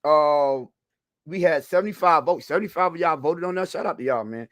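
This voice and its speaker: A male co-host of a live-streamed football talk show chats casually with viewers, laughing frequently and rambling with restarts. His fairly high voice is a bit bright, with lively intonation and a quick pace. The recording is dry.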